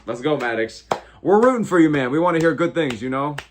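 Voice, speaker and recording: A man's voice: fairly high pitch, lively intonation, brisk, slight background noise. An American man in his twenties hosting a casual livestream, reading viewer comments and reacting with slangy, heavy swearing. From United States. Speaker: livestream host.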